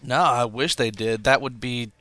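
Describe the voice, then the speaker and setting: Deadpan male podcast co-host. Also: mid-range voice, normal speed, no echo. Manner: dry, deadpan joking. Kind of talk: casual chat.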